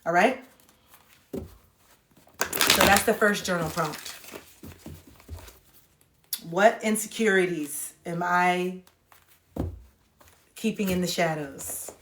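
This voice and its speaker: Talking in a lowish, slightly bright voice with fairly even intonation, a female livestream host offers spiritual advice, drawing out her words and pausing often. She's blunt, preachy and slangy, and the phone recording is reverberant with a little hiss or hum.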